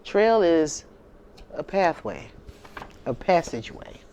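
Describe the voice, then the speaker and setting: A woman's voice: fairly low pitch, very animated, slow pace, mellow, highs cut off, slight background noise. A woman from the United States hosting her own channel, talking casually and emphatically to her viewers and often checking in with "okay?" and "you know". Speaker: channel host.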